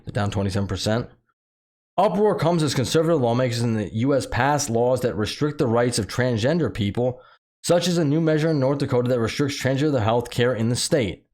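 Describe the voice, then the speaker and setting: A man's voice: mid-range voice, darkish tone. Ranting man with a slight lisp. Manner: heated, repetitive, full of fillers. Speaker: channel host commenting on news. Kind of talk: casual ranting commentary.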